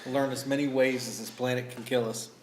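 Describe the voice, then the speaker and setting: A man co-hosting a podcast in casual chat, talking haltingly and searching for words. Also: medium pitch, flat delivery, roomy sound, a little hiss or hum, low-quality recording. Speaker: podcast co-host.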